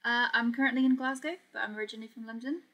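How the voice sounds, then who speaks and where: A young woman with a slightly high voice chats through a live sewing stream. She reads viewers' comments aloud, laughs often, and keeps an easygoing, friendly patter going while she works. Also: fairly even intonation, rapid-fire, bright, forceful tone, dull audio. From Portugal. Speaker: sewing livestream host.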